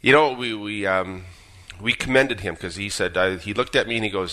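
Low-voiced earnest man, radio guest. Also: normal speed. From Minnesota. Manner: earnest, steady, with fillers. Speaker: guest, Gold Star father. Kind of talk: radio interview, personal story.

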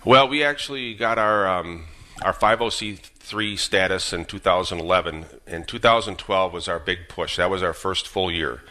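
A man in his fifties from Minnesota, a father telling his story as a guest on a radio show, earnest and steady with some fillers. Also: sits low, normal speed. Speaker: guest, Gold Star father. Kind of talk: radio interview, personal story.

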